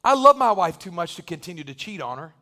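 A man with a strikingly high voice preaching a sermon to his congregation. He moves from quick, joking asides to loud, fervent exhortation, pushing his voice up as he presses his point. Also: sing-song. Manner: impassioned preaching that builds to shouting. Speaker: pastor. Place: church sanctuary.

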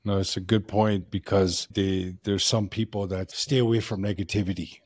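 Low-voiced male host, dry sound. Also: little pitch movement, moderate pace, a little mellow, no room sound. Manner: reflective, agreeable, sums up the guest's points. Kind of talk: casual interview chat.

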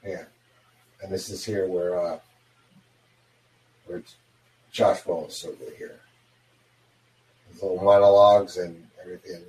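A man's voice: deep voice, level tone, unhurried, pauses often, darkish tone, echoey room, poor audio. A man co-hosting a movie watch-along commentary, chatting casually and dropping frequent yeahs and mm-hmms. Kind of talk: casual chat.

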